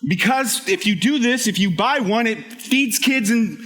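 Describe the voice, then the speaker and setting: A man preaching an energetic sermon to a live congregation, emphatic and joking, sometimes shouting a point. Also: very high-pitched, unhurried. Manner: animated, emphatic, shouts for emphasis, jokes with the audience. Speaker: pastor. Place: church hall with a live congregation.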